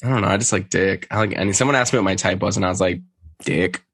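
A man co-hosting a podcast in a quick, sassy and crude way. His voice is low and husky, recorded dry and close with no room sound. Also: a bit bright, dry recording. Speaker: podcast co-host. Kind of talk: casual chat recapping reality TV.

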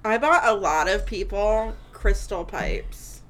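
A woman's voice: mid-range voice, slow pace, a bit bright. Woman with blunt, dry remarks. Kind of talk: casual chat.

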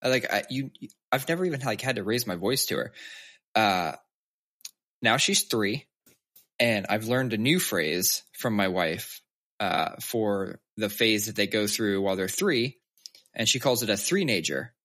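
A man's voice: fairly low pitch, lively intonation, a little slow, fairly bright tone. A man in his thirties chatting candidly about his kids, swearing freely and acting out their lines. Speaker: podcast co-host. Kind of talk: casual chat.

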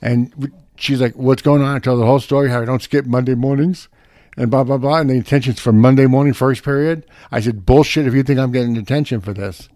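A man's voice: medium pitch, fairly even intonation, quick pace, dark tone, dry recording, studio quality. A middle-aged man telling a profane, brash story in casual chat.

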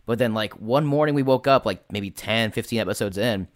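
A man's voice: lowish voice, fairly quick, dry recording, clean studio sound. A young adult man who hosts a tabletop game podcast and runs the games, talking casually with many fillers and some swearing. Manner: rambling, swearing, filler-heavy. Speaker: game master and podcast host. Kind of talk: casual chat.

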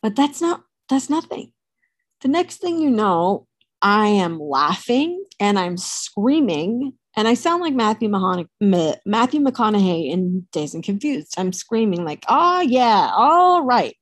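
Woman storyteller, candid and animated, salty language, mid-range voice, dry close sound. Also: medium pitch, a little slow, no echo. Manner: candid, animated, swears freely. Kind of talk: casual storytelling to camera.

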